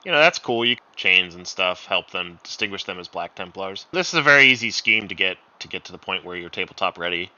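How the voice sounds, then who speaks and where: A man co-hosting a casual chat, animated and laughing often. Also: deep voice, a little fast, few pauses, no room sound, muffled recording. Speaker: co-host.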